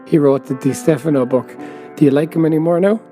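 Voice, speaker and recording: A man's voice: fairly high pitch, steady tone, fairly quick, mellow, soft background music. An Irish man co-hosting a casual chat podcast, rambling and self-deprecating, laughing often. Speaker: podcast co-host.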